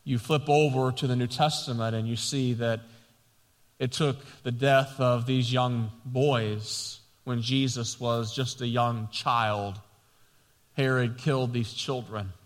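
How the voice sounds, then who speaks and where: A male pastor preaching a sermon, building to emphatic, repeated cries and then dropping back to calm teaching. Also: mid-range voice, slow, long reverb tail. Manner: preaching with rising, emphatic passion and repetition.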